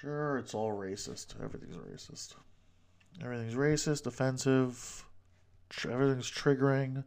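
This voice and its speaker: A man's voice: mid-range voice, steady tone, moderate pace, a little mellow, clear, resonant tone. A man from New York rambling through a solo podcast monologue, joking at his own expense and swearing casually. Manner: rambling, self-deprecating, profane jokes. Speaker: podcast host.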